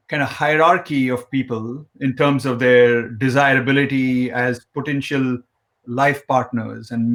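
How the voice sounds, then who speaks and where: A man's voice: medium pitch, fairly bright tone. Male host of a live web chat, talkative, jokey, hesitant. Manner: chatty, joking, with many fillers and restarts. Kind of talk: live online interview.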